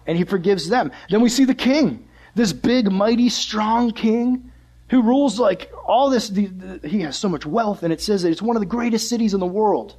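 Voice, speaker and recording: Brief: young male youth pastor, lively, chatty sermon, bright high voice. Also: moderate pace. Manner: animated, conversational preaching.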